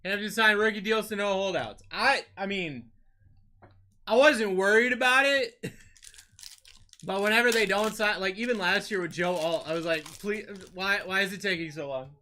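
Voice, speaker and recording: A man's voice: high-pitched, normal speed, pauses often. A young man with a New England accent hosting a live card-break stream, calling out player names and chatting with viewers. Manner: lively, calls out names, chats with viewers. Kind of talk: live-stream chat while opening cards.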